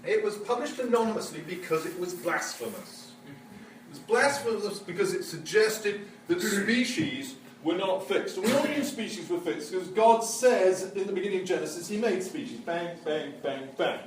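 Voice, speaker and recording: A man's voice: high-pitched, moderate pace, slight background noise. A man playing a witty, enthusiastic Victorian naturalist, lecturing in character with a theatrical, joking delivery. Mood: lively. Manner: animated, theatrical, joking storyteller. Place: museum lecture hall. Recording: echoey hall, mic far off.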